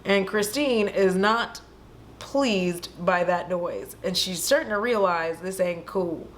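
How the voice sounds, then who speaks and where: Woman vlogger, casual movie recap, animated, swears a lot, faint background noise. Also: medium pitch, slow pace. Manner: animated, profane storytelling. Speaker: host.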